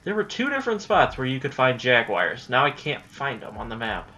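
Bright-voiced young man narrating gameplay. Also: mid-range voice, a little fast. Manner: chatty, frustrated, bursts into excited yelling. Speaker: gameplay commentator. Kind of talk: casual let's-play commentary.

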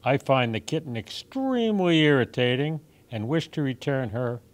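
A man's voice: medium pitch, expressive, normal speed, lightly acted. A man voicing a fed-up house cat reading out his prim complaint letter. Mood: huffy. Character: fussy, fed-up grown tomcat.

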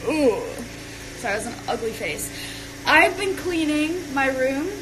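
A woman's voice: sits high, lively intonation, measured pace, noisy background. A young woman chatting casually on a phone livestream while she tidies her bedroom, rambling from one thing to the next. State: out of breath. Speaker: social media creator.

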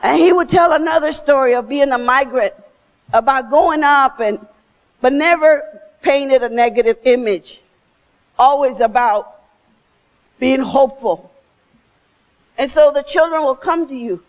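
High-voiced woman telling an emphatic story. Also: a little slow, pauses often, low-quality recording. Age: middle-aged. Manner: emphatic, mixes in Spanish phrases. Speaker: keynote speaker. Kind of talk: motivational keynote storytelling. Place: stage before an audience.

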